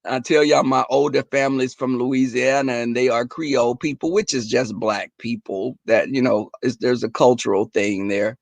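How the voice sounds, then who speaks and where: A young adult man chatting casually and profanely to viewers in a livestream, telling animated stories. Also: mid-range voice, normal speed, creaky, few pauses, no room sound. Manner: profane, animated storytelling, talks to viewers as y'all. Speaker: livestream host.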